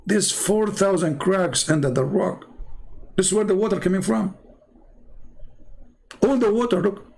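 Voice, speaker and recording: A man's voice: high-pitched, measured pace, vocal fry, darkish tone. A man speaking in mocking, sarcastic commentary in non-native English, drawing on screen as he talks.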